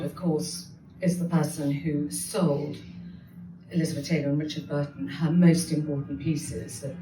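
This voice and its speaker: A woman's voice: low voice, background noise. A woman hosting a live interview, with a teasing manner. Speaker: podcast host. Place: live event before an audience. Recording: distant echoey room mic, live event.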